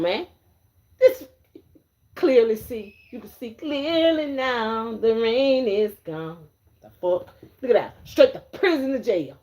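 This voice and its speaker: A woman with a fairly high voice reads tarot cards on a livestream, brash, profane and swaggering. She fires taunting questions at her viewers and calls out to them, repeats her lines, and laughs mockingly in their faces.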